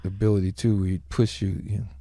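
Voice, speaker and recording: A man telling a relaxed anecdote in an interview. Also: lowish voice, quick pace, very noisy.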